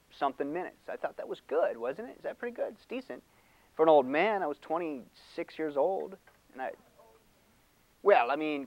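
An older man preaching with animated, chatty energy. His voice sits a little high for a man and changes quickly between quiet asides and loud bursts. The recording is dry and slightly dull, with little room sound. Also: no echo. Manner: animated, conversational preaching with laughs and mock voices. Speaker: pastor. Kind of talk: sermon.

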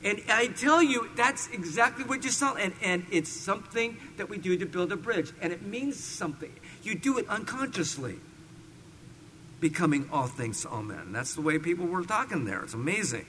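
A man preaches a sermon in a slightly high, bright voice, leaning hard on key words as he reads scripture slowly. His voice rings with a long reverb through a large hall, with a faint hum of room noise behind it. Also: very animated. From California. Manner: slow deliberate scripture reading with emphatic stresses. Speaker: pastor. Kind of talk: expository sermon.

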